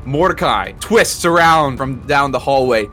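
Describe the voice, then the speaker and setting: A man's voice: medium pitch, lively intonation, measured pace, bright, forceful tone, soft background music. A man narrating as game master of a tabletop role-playing game, casual and laughing. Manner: casual, laughing, lots of fillers.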